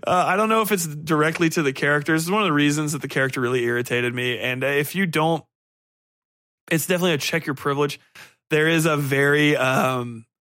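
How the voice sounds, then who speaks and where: A man's voice: mid-range voice, fairly bright tone, no room sound, studio quality. A man hosting a podcast, reviewing a book in a casual, sardonic, profane ramble. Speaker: podcast host.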